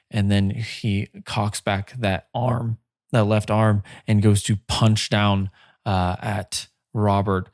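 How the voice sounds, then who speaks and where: A man narrating as game master of a tabletop game, slow and halting with many fillers. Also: lowish voice, a little mellow, no echo, studio quality.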